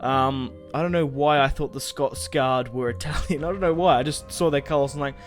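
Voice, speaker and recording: Young man, casual gaming commentary, mid-pitched, rambling and self-mocking, faint music behind. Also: a little fast. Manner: chatty and rambling, swears casually, laughs at himself. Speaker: gaming YouTuber.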